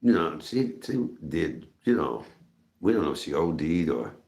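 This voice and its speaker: A middle-aged man casually telling a story to his viewers, animated and laughing, jumping up high in pitch when he retells what he said. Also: normal speed, vocal fry. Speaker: storytelling host of a live stream.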